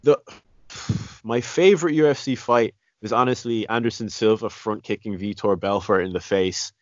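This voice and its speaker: Man, low voice, rambling casual chat, dry muffled sound. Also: normal speed, no room sound. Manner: rambling, many restarts and "you know". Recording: dry, slightly dull lo-fi sound.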